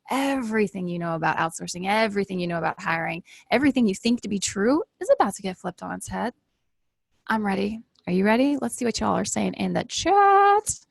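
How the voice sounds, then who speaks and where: Woman, webinar host, hyped and upbeat, slightly gravelly voice, dry close sound; addresses viewers directly. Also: mid-range voice, dry recording. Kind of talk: live webinar sales pitch.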